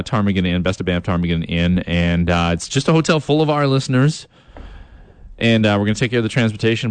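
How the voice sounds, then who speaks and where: Man, radio DJ, chatty, rambling, fillers, lowish voice, dry studio sound. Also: smooth, no room sound. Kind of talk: upbeat radio DJ patter.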